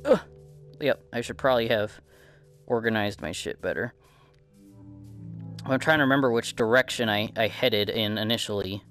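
A gaming channel host with a Midwestern American accent commentates his own gameplay, rambling, swearing casually and putting himself down. His voice is lowish and a bit bright, at normal speed with long pauses, over soft background music.

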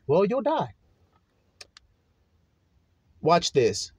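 Guy preaching, high voice, swings up and down a lot, reads scripture slow then cusses while explaining, dry close sound. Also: sing-song, dry recording. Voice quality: profane, emphatic preaching with drawn-out scripture reading. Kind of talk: sermon with scripture reading.

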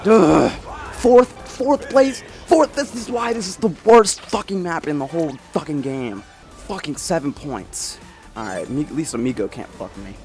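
A man's voice: fairly high pitch, expressive, unhurried, darkish tone. A man giving casual let's-play commentary, swearing and exasperated as he trash-talks rival racers. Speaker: gameplay commentator. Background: game music.

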